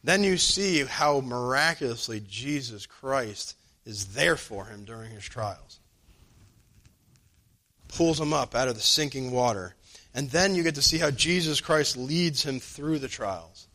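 A man preaching a sermon in a loose, everyday voice of middle pitch. He drops his pace to lean on key lines and springs upward when he voices other people in his stories. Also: measured pace. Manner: conversational, acts out quoted dialogue with lively pitch jumps.

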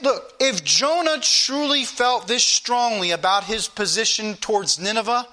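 A man's voice: sits high, sharp tone. A man preaching a sermon with emphatic, repetitive delivery and direct appeals to the congregation.

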